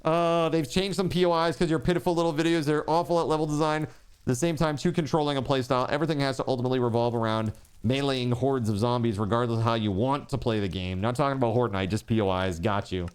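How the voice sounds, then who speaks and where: A man's voice: mid-range voice, fast talker, clear, resonant tone. A man streaming a game live, chatting with viewers and yelping and laughing at the action on screen. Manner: excitable, yelps and laughs at the game. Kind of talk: live gaming stream chat.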